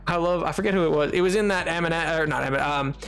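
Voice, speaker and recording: A man's voice: a little high, very fast, gravelly, fairly bright tone, faint music behind. A young man streaming a game, chatting casually and rambling with many fillers. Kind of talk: casual live-stream chat.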